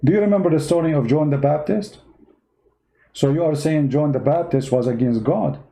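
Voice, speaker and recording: Gravelly, dark-voiced man arguing his point. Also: mid-range voice, poor audio. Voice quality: non-native English speech. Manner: argumentative, with rhetorical questions. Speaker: Christian commentator. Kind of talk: live online commentary.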